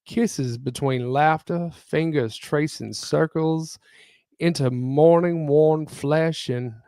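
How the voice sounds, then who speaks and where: A man hosting a podcast, reading a spicy romance story aloud in a deliberate way and breaking off to joke. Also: on the high side, dark tone, dry recording. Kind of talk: reading spicy fiction aloud with joking asides.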